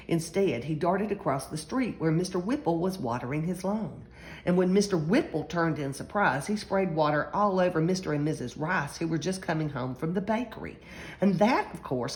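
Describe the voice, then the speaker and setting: Lively woman reading a picture book. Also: fairly low pitch, poor audio. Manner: animated, acting out shrieks and shouts of the characters. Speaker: storyteller.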